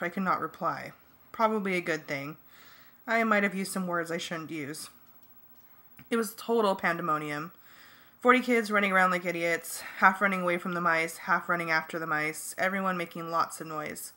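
A woman reading a first-person novel aloud as an amateur audiobook, in a plain, steady manner. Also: fairly low pitch, normal speed. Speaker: audiobook reader.

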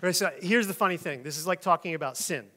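A bright, high-pitched middle-aged man delivers a sermon full of lively storytelling. He keeps slipping into voices for the people in his stories, sometimes shouting them out. The tone is that of a preacher talking easily to his congregation. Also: fast talker. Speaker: pastor.

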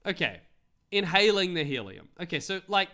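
A man's voice: high-pitched, big pitch swings, normal speed, sharp tone. A man streaming casual commentary, reading how-to articles aloud with wry, rambling asides and replies to his chat.

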